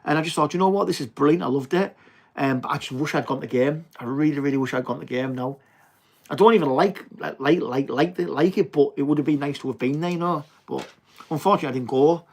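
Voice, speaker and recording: A man's voice: on the high side, fast, gravelly. A young man with a Teesside accent chatting casually on a livestream, answering viewer comments in a blokey, swearing manner. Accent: Teesside English. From England. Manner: chatty, blokey, swears and says mate often. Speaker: livestream host.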